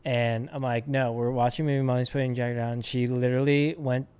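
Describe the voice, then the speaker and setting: A young man co-hosting a casual podcast, giving short deadpan answers and dry jokes. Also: medium pitch, fairly quick, clean tone. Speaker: podcast co-host. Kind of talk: casual chat.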